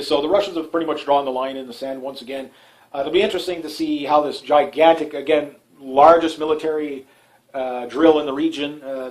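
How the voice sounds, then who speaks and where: A man from Canada hosts a one-man talk show and delivers a loose political commentary monologue. He rambles, restarts his sentences and fills them with "uh" and "you know", and often chuckles at his own remarks. His speaking voice sits somewhat higher than most men's. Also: darkish tone, poor audio. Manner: rambling, many fillers and restarts, frequent chuckles.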